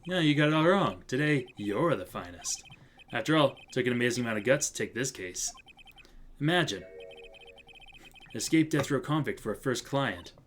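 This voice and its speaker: A man voicing a suave, cocky male defense attorney mentor in a slow, low, smooth drawl while playing a game. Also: lively intonation, fairly bright tone, slight background noise, close to an everyday voice. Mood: smug. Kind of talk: let's play voice acting.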